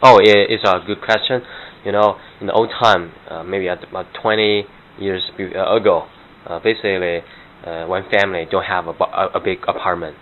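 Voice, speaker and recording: A man's voice: low-pitched, fairly even intonation, brisk. Hesitant man. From Beijing, China. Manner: hesitant, searches for words. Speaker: interviewee. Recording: muffled with faint noise.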